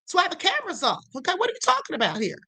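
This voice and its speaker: A woman's voice: very high-pitched, huge pitch swings, rapid-fire, pushed and bright. A woman hosting a live stream, giving casual commentary in an emphatic way and calling her viewers "honey.". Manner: emphatic, keeps saying "okay" and "honey"; laughs and teases her viewers. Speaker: livestream host.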